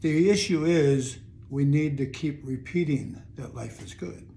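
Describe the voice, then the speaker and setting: An older man records a casual, earnest and upbeat motivational talk to camera at his Chicago home, often repeating phrases. His voice is fairly high and dark-toned, a little slow, with vocal fry.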